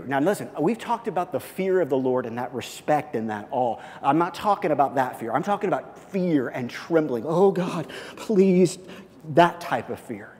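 A man preaching a sermon as pastor, swinging from loud high bursts to low hushed lines. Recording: long reverb of a church hall.

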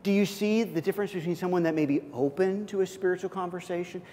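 Male preacher, somewhat high voice, lively delivery with acted-out dialogue, long hall reverb. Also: fast. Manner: animated, acts out little dialogues, repeats words. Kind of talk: sermon.

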